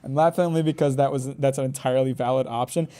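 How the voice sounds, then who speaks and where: A man's voice: medium pitch, fairly even intonation, fast talker, warm tone, smooth. A man giving casual gameplay commentary, exasperated and profane, stammering and repeating words as he reacts. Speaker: gaming YouTuber.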